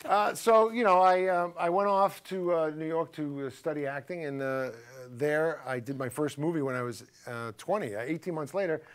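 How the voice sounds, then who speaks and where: A man's voice: on the high side, normal speed, hardly any pauses, smooth. A middle-aged man from Somerville, a guest actor telling stories on a casual talk show. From Somerville, Massachusetts. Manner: animated storyteller, mimics voices in anecdotes.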